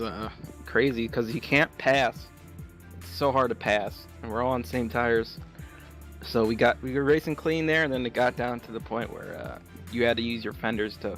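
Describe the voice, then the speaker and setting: Relaxed man, halting post-race interview. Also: mid-range voice. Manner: relaxed, halting with many fillers. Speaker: race driver being interviewed.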